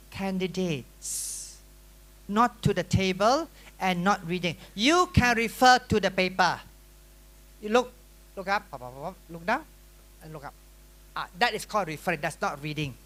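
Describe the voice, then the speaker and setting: A middle-aged man with a Malaysian English accent, giving a lively workshop lecture that is full of questions and teasing to a room of students. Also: sits high, unhurried, pauses often. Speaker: workshop teacher. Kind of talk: classroom lecture.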